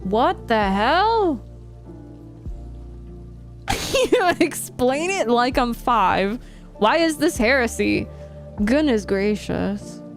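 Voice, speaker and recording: A woman's voice: on the high side, sing-song, very slow, long pauses, soft background music. A young woman live streamer chatting casually with her audience, laughing often and reacting to chat.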